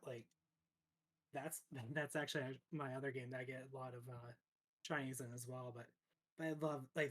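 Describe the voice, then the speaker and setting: A man's voice: medium pitch, fairly bright tone. Chatty man with many fillers. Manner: rambling, many fillers and restarts, laughs often. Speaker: streamer guest. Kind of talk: casual chat.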